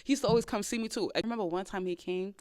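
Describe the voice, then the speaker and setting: A young woman hosting a podcast, telling dating stories in a casual, animated way, with loud outbursts and low asides. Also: very fast. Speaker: podcast host. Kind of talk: casual storytelling chat.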